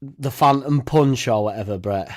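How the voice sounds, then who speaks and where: This fan channel host is a young man with a medium-pitched, darkish voice at a moderate pace. On his casual livestream he laughs frequently, swears freely, and rambles while reacting and thanking his viewers.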